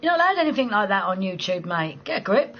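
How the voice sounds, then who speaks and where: A woman chats casually with viewers late at night and answers comments bluntly, swearing freely and laughing often. Her voice sits at an ordinary middle pitch. The recording sounds a little dull, with a faint hiss underneath. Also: very animated, fast talker. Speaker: live-stream host.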